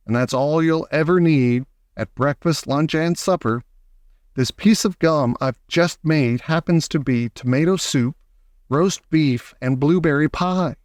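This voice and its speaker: A man voicing an eccentric, excitable male chocolate maker who boasts theatrically about his inventions. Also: fairly high pitch, dry recording, lightly acted.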